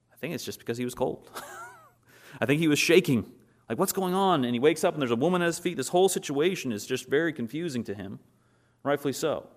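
Man preaching a lively sermon. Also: medium pitch. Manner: animated storytelling, acts out quotes. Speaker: pastor.

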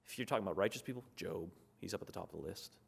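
A man's voice: low-pitched, very fast, creaky, breathy edge. A man preaching a sermon in an earnest, conversational way, reading scripture aloud and explaining it.

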